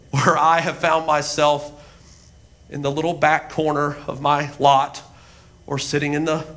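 A pastor preaches in a high, bright voice. He tells stories with animated humor and acts out the voices of the people in them. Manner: animated storytelling, acting out voices. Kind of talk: sermon. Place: church.

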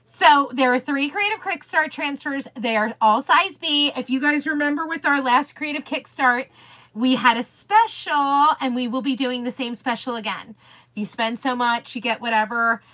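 A woman's voice: high voice, normal speed, pushed and bright. A woman hosting a chatty live craft stream, greeting viewers by name and gushing over products, easily sidetracked. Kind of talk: chatty live-stream demo, reading viewer comments aloud.

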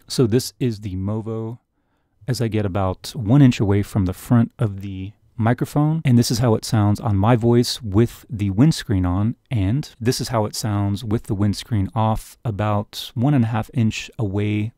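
A man reviewing microphones in a small home room, talking close to a USB condenser mic on his desk and explaining each test step by step in a relaxed, plain way. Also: fairly low pitch, no room sound. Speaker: tech reviewer. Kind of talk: casual mic test demonstration.

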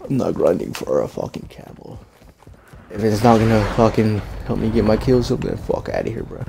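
This gaming streamer is a young man with a lowish, creaky, expressive voice at normal speed, cursing constantly as he plays a shooter. He mocks opponents throughout, with loud game gunfire and a noisy background in the recording.

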